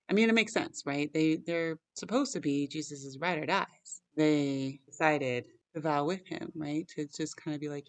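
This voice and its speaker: A woman with a low, gravelly voice hosts a relaxed Bible chat, reading passages aloud and then breaking off to share what struck her. She talks in an eager, chatty way, full of "like" and "right?", often wondering aloud. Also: normal speed, few pauses. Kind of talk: casual Bible study chat with scripture reading.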